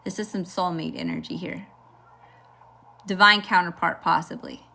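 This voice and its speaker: A woman's voice: lowish voice, fairly even intonation, moderate pace, creaky, pushed and bright. A woman with a Southern accent giving a live tarot reading, chatty and informal, peppering her talk with "okay" and "y'all". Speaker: tarot reader. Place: at home at a table.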